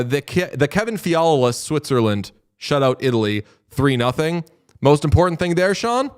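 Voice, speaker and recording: A man's voice: a little high, clear, resonant tone. A man hosting a casual hockey podcast, brash and swearing, talking back to his live chat. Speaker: podcast host.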